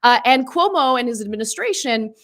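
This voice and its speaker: A woman hosting a political podcast, speaking in an animated, opinionated way. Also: fairly high pitch, a little fast. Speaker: podcast host. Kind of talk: political commentary.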